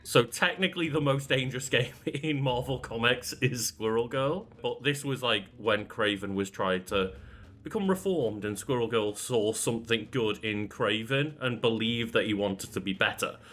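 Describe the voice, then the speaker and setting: A man's voice: medium pitch, moderate pace, a bit bright. A man co-hosting a podcast, chatting casually and wryly with frequent laughter. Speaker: podcast co-host. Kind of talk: casual chat.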